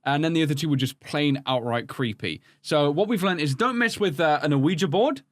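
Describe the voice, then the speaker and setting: A man's voice: a little high, fairly quick, no room sound, clean studio sound. A man hosting a video, chatting casually and joking while he reacts.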